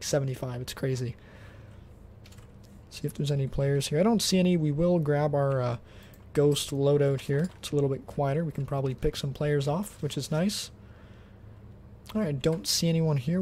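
A man's voice: on the high side, a little hiss or hum. A man casually talking through a gameplay test, rambling and thinking aloud as he plays into a desktop mic. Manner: relaxed, rambling, thinks aloud while playing. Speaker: tech benchmark video host.

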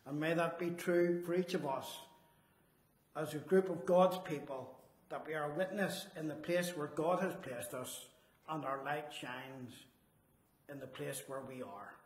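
A man delivers a sermon in an earnest, emphatic way, drawing out the phrases he wants to land. His voice sits somewhat high for a man. The sound carries the echo of a church hall. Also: a little slow. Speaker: Salvation Army officer preaching.

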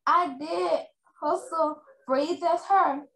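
A woman reading a children's chapter book aloud at a reading fair, halting now and then and restarting words. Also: sits high. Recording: echoey room, faint noise.

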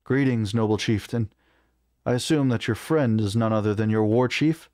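A man voicing a cocky, sharp-tongued male halfling adventurer with a smug, mocking tone. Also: on the low side, normal speed, dry recording, studio quality, close to an everyday voice.

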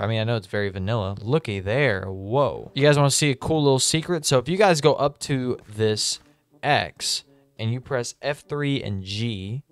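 A man giving excitable, chatty gameplay commentary and talking straight to his viewers. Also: medium pitch, dry recording. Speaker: gaming video host.

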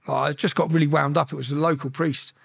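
A man telling a story as a podcast guest, animated and profane, acting out shouted exchanges. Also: a little high, fast, vocal fry, slightly rough. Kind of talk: casual storytelling.

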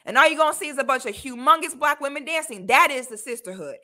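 A woman from Florida hosting a casual commentary livestream, talking bluntly and animatedly with loud exclamations. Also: high voice, quick pace. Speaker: livestream host.

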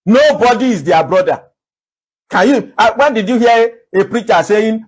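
A man preaching with a high, husky voice. He talks in an earnest, repetitive sermon style full of rhetorical questions. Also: animated, normal speed. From Nigeria. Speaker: pastor.

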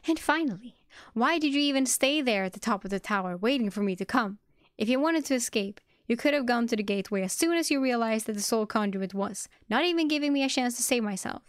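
A woman voicing an angry young man who loudly accuses a rival in an audiobook reading. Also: on the high side, animated, fast talker, clean tone, no room sound, studio quality, close to an everyday voice. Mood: accusing. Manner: intense, accusing, loud.

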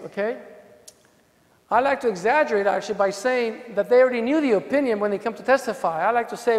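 A man with an accent giving an animated, joking conference talk to a room of lawyers. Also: extremely high pitch. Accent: non-native English. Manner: animated, profane, jokes with the audience. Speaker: defense attorney presenting at a legal seminar. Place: hotel conference hall. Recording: long hall reverb.

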